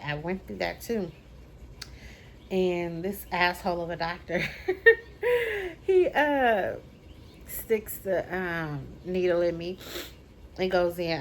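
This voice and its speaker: A vlogger with a lowish voice tells a personal story emphatically, repeating phrases for effect, with a little hiss or hum in the recording.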